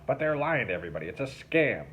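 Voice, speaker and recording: A man's voice: mid-range voice, big pitch swings, fast talker, a bit bright, voice pushed up. A man voicing a blunt, outspoken middle-aged father who speaks with a wry edge. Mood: indignant. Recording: slightly dull recording with faint hiss.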